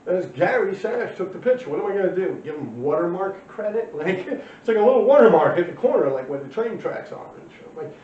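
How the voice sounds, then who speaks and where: A man's voice: sits high, big pitch swings, fairly quick, few pauses, a little hiss or hum. A man telling old stories in a loose, rambling way, swearing bluntly and full of slang. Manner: loose and rambling, many fillers. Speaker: former graffiti writer telling his story. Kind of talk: casual storytelling monologue. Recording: dull, roomy, distant recording.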